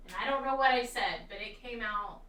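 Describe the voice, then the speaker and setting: Woman, bright tense voice, playful teasing chat, co-host, off-mic in an echoey room. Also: a little high, a little fast, recorded from a distance, slight background noise. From American South. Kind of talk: casual chat.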